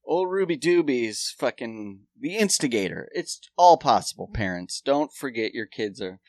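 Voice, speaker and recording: A man's voice: medium pitch, expressive, moderate pace, darkish tone, dry recording, studio quality. A man telling rambling, profane stories in a casual chat.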